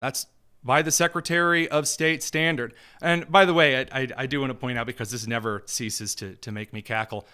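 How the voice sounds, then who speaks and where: A male host delivering opinionated political commentary in a sarcastic, mocking, rapid-fire way. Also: mid-range voice, steady tone, pushed and bright, smooth.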